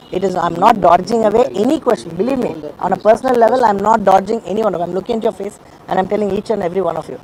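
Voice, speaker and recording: Guy at a press meet, earnest and emotional, talks fast, repeats himself a lot. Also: sits high, darkish tone, a little hiss or hum, rough recording. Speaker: film actor at a press meet. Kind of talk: press conference statement.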